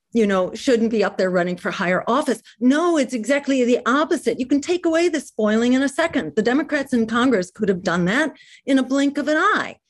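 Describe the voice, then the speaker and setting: A woman guest on a political podcast, speaking in an indignant, emphatic way. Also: a little high. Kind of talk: conversational interview talk.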